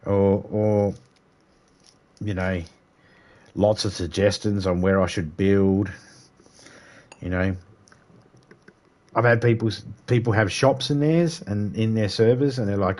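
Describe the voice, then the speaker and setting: Aussie guy streaming a game, kinda low voice, rambly and sweary. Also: unhurried, darkish tone. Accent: Australian. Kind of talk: casual livestream chat.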